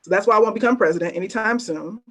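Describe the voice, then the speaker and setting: Woman poet, spoken-word reading, measured and weighty delivery, pointed repetitions, mid-range voice. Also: mid-range voice. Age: adult working as a teacher. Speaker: poet at an open mic.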